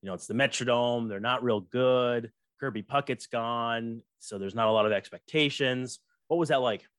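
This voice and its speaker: A man's voice: medium pitch, moderate pace, a bit bright, smooth, no echo, studio quality. A man hosting a podcast, asking a guest questions in a friendly, conversational way. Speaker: podcast host. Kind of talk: casual interview questions.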